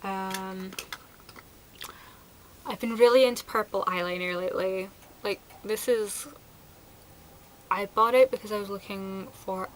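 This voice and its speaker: A woman's voice: mid-range voice, fairly bright tone, slight background noise, rough recording. A woman chatting casually through a product review, enthusiastic and sprinkled with fillers. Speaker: beauty vlogger.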